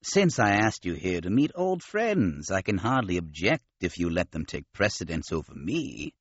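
A man doing a nasal, gentle alien commander. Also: low voice, sing-song, normal speed, slightly rough, dry recording, lo-fi sound, voice pushed down, full character voice. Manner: gentle, courteous. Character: polite, modest male alien commander.

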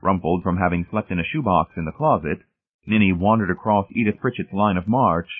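A man with a husky voice narrating a story, reading steadily and shifting voices for the characters. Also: deep voice, fairly quick. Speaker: audiobook narrator. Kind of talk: scripted narration. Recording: tinny phone-like audio.

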